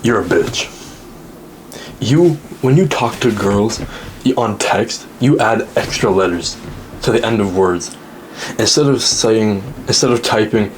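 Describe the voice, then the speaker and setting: A young man ranting straight to the camera in a mocking, crude, lecturing way, putting on high whiny voices when he quotes others. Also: a little slow, slight background noise. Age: young adult. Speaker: social media commentator. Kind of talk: direct-to-camera rant.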